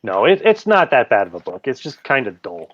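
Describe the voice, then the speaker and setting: A man's voice: medium pitch, sing-song, fairly quick, dull audio, a little hiss or hum. A man running a tabletop game as dungeon master, narrating loosely with jokes and restarts. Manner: casual, joking, loose narration.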